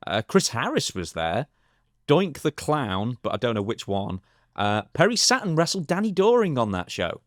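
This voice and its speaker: A man's voice: mid-range voice, sing-song, moderate pace, no echo, studio quality. A man co-hosting a casual chat, giving facts in a matter-of-fact way. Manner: matter-of-fact, gives details. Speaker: co-host.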